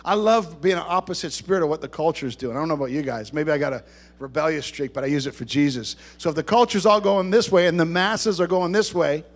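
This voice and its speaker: High-voiced man preaching a sermon. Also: fast. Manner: conversational, joking with the congregation, rising to emphatic bursts. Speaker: pastor.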